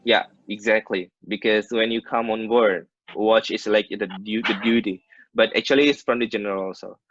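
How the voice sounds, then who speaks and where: Over muffled video-call audio with no room sound, an Indonesian-accented man gives an online maritime English lesson. His voice is fairly low, steady and a bit bright at a normal speed, and he frequently restarts sentences while offering Indonesian translations of terms.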